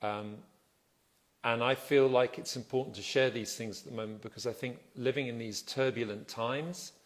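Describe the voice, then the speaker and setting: A relaxed man talks casually into a phone on a livestream from home. His pitch sits in an ordinary middle range. He greets viewers one by one and reads out their comments in a soft, self-deprecating way. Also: normal speed. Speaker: livestream host.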